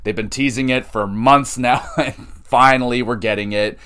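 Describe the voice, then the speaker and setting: A man hosting a wrestling podcast, recapping shows in an excitable, chatty way with lots of fillers. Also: mid-range voice, moderate pace, clear, resonant tone.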